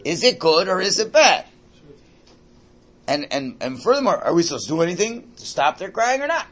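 Brief: older male religious teacher, husky, slightly high-pitched, keeps asking the class questions. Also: normal speed. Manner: animated, keeps checking in with listeners. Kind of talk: lecture to a class.

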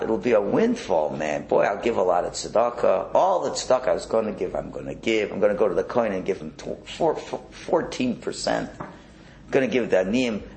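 Man doing a smug saver, boastful, pitch jumping up high, gravelly voice, echoey hall. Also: a little mellow, slight background noise. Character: cautious hedging man boasting of his savings.

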